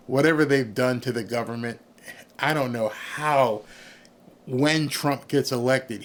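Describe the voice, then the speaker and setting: Angry sarcastic man ranting. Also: medium pitch. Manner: angry, sarcastic, mocks others in put-on voices. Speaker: streamer reacting to news clips. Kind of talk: ranting reaction commentary.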